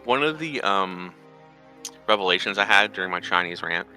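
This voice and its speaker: A man's voice: low voice, expressive, moderate pace, bright, forceful tone, faint music behind, rough recording. A man co-hosting a radio show, ranting animatedly in casual, profane chat.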